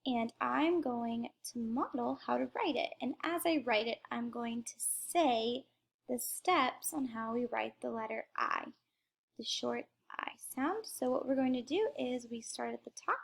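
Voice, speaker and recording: A young adult woman teacher slowly modeling letter sounds in a phonics lesson. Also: a little high, gravelly. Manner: slow, careful modeling of sounds.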